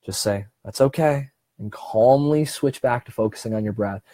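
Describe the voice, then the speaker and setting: A man speaking in a warm, mellow voice as he leads a relaxed self-help seminar. He talks to the audience directly and encouragingly, with plenty of restarts and slowed-down emphasis. The sound is dry and close, with no room echo. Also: lowish voice. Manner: conversational and encouraging, with frequent restarts and slow, deliberate stretches. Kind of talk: casual seminar talk.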